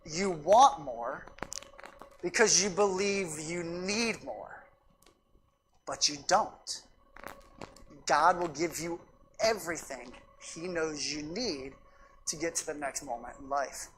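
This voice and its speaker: A woman's voice: low-pitched, takes it slowly, long pauses, a little hiss or hum. A woman pastor preaching a sermon in a church, emphatic and repetitive, weaving in anecdotes. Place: church sanctuary.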